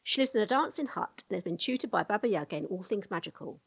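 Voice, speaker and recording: Woman, breathy-husky tone, video lore narration, casual asides to viewers, close mic. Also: mid-range voice, lively intonation, fast talker.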